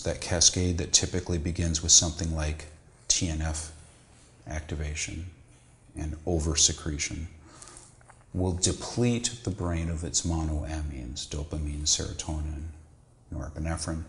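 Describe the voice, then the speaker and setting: A middle-aged man, a psychiatrist, giving measured, lecturing answers in an interview. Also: extremely low pitch, fairly even intonation, reverberant, a little hiss or hum. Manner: measured, lecturing, with occasional restarts. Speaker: psychiatrist guest.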